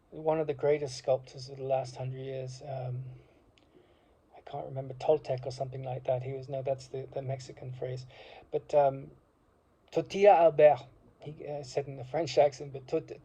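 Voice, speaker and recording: Impassioned rambling man, mellow voice. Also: medium pitch, level tone, moderate pace, husky. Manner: impassioned, rambling with many fillers. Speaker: speaker. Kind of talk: reflective monologue. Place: university degree course alumnus, speaking informally.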